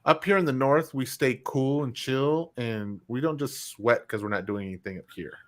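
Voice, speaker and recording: A man's voice: mid-range voice, normal speed. A man co-hosting a casual video-call chat from his home, bantering and teasing in a playful way. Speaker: co-host.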